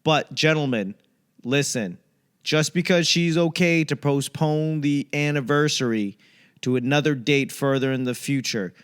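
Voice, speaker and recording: A young man hosting his own comedy podcast, rambling through a casual monologue and acting out other people in quick bits. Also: on the high side, clean tone. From United States. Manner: acts out voices in quick bits.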